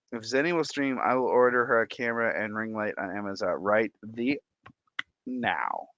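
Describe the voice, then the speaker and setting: Excitable male streamer reading chat; bright, dry close sound. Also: on the low side, measured pace, pauses often, no room sound, dull audio. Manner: excitable, reacts aloud to viewer comments. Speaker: livestream host. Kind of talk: casual livestream chat reading comments.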